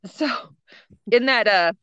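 A middle-aged woman tells a story in a relaxed podcast chat, with a bright, forward tone. She is animated and laughs often, and the sound is close and dry with no room around it. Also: on the high side, takes it slowly, smooth, no room sound, lo-fi sound. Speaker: podcast co-host.

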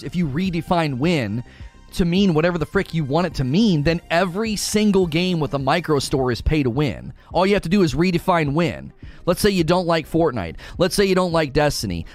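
A man ranting in a sarcastic, argumentative way, as a streamer answering his chat. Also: high voice. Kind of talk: ranting commentary.

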